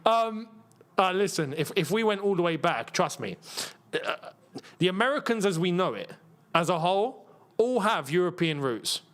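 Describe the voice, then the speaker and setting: A man hosting a live football watchalong, chatty and rambling, with excitable bursts at the match action. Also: high-pitched, moderate pace. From England. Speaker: football channel host.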